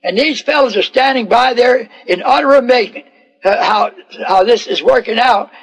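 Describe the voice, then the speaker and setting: A male preacher with a very high voice tells a story in an animated, folksy way. He acts out every character as he goes. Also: moderate pace, vocal fry, rough recording. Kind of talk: storytelling sermon.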